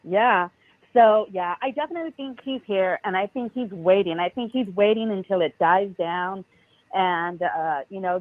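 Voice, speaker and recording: A caller on a live call-in show, chatting casually and agreeably with lots of filler words. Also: mid-range voice. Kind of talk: casual phone call-in chat. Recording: tinny phone line.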